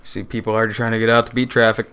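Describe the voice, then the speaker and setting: Male co-host, bright and clear, upbeat, steers the segments. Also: on the low side, level tone, rapid-fire. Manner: upbeat, moves the show along. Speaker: podcast host. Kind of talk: casual podcast chat.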